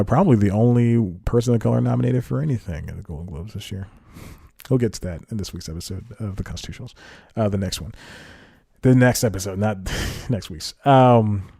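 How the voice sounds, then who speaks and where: Male comedy podcast host, rambling self-correcting monologue delivery, dark mellow tone. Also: fairly low pitch, no room sound, clean studio sound.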